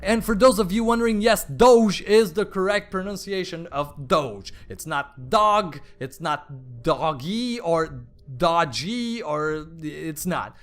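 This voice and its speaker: High-voiced chatty male game commentator. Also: fairly even intonation, measured pace. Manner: chatty and rambling, with playful asides and exclamations. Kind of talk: live play-by-play commentary.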